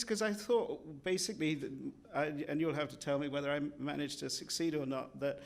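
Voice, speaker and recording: A man with an English accent, an illustrator, speaking in an animated, self-deprecating way at a book event. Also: a little high, brisk, vocal fry, hardly any pauses. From England. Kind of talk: conversational book talk. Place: event hall with an audience.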